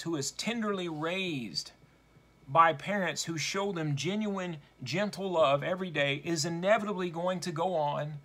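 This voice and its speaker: A male preacher with a high, ringing, bright voice delivers a sermon. He speaks slowly and deliberately, with dramatic stress on his points.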